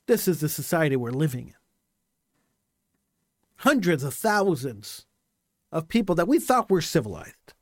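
A man's voice: fairly high pitch, no echo, studio quality. A man delivering an impassioned monologue commentary, hammering points home with repeated rhetorical questions.

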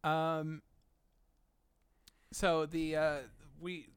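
A man's voice: fairly high pitch, monotone, very slow, clear, resonant tone, no room sound. A man co-hosting a podcast, chatting casually and slipping into playful jokey bits. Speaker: podcast co-host. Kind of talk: casual chat.

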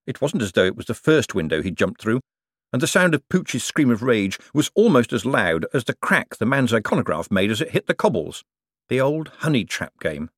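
A man reading an audiobook as its narrator in a wry, expressive way. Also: on the low side, no room sound, clean studio sound. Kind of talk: scripted narration.

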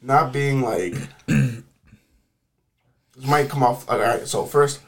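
A man's voice: medium pitch, slow pace. A man co-hosting a casual podcast, rambling through fillers and restarts as his voice starts to go, coughing now and then. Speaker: podcast co-host. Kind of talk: casual chat.

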